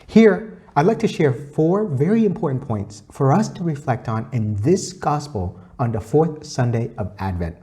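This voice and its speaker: A man's voice: medium pitch, warm tone. A man giving a weekly gospel reflection, earnest and teacherly, quoting scripture and repeating his key points. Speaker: faith reflection speaker.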